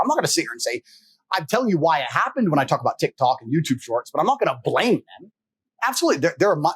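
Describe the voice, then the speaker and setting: Fast-talking husky man, blunt. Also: fairly high pitch. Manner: blunt, profane, forceful. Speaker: interview guest. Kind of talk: emphatic motivational talk.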